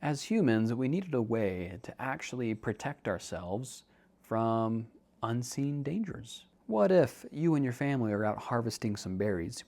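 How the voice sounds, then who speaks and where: A young podcast host and counselor talks casually and jokes as he explains ideas to listeners, calling them dude in a chatty way. His medium-pitched voice is very animated, unhurried, and darkish in tone.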